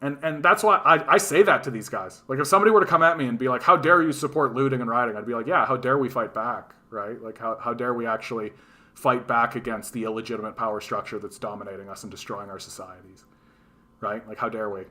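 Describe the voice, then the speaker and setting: Swearing freely, a bright-voiced man from Canada rants on his livestream at a quick pace. He speaks in a mid-range voice, stays animated, and mimics the people he quotes mockingly.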